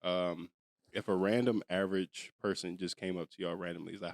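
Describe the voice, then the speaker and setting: Fast-talking low-voiced man hosting. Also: little pitch movement, dry recording, studio quality. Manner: fast, joking, keeps steering the question. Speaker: podcast host. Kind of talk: casual group podcast chat.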